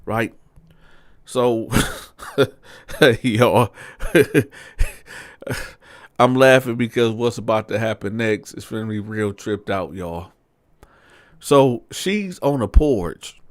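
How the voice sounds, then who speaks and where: A man's voice: on the low side, expressive, measured pace, no echo, studio quality. A man telling a story casually, profane and talking straight to his listeners. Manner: profane, addresses listeners directly. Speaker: storyteller host.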